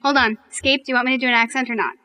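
Quick, deadpan woman with echoey reverb. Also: fairly high pitch. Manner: dry, deadpan retorts. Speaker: podcast co-host. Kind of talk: improvised comedy podcast.

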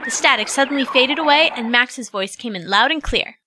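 A woman narrating an audio drama in a smooth storytelling manner. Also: high voice, animated, a little fast, background noise.

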